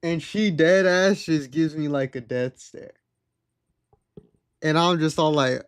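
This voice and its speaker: A man's voice: fairly high pitch, slow pace, long pauses, clear, resonant tone, no echo, studio quality. A young man streaming live, casually telling a story in a sarcastic, exasperated, slangy way. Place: home streaming setup.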